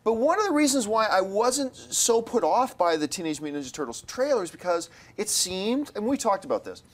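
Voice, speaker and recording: Male panel host, casual talk, excitable and exasperated, lively pitch. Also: fairly quick. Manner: animated, exasperated, pitch jumps high when excited. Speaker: show host.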